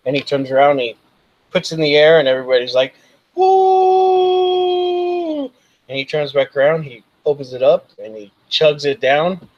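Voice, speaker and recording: A man narrating a tabletop role-playing game as game master, rambling and halting with many ums. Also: mid-range voice, fairly even intonation, no echo, lo-fi sound.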